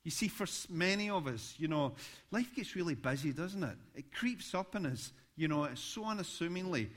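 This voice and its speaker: A pastor delivers a sermon in a voice that sits a little high for a man. He tells his stories with growing animation. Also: moderate pace. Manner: storytelling, animated when recounting events.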